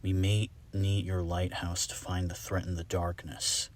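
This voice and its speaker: Calm male pony sheriff read by a man, deep voice, slow, quiet and matter-of-fact.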